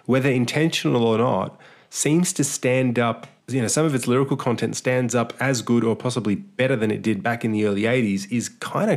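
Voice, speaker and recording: A man hosting a casual music review podcast, rambling a bit and repeating words as he talks. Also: medium pitch. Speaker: podcast host.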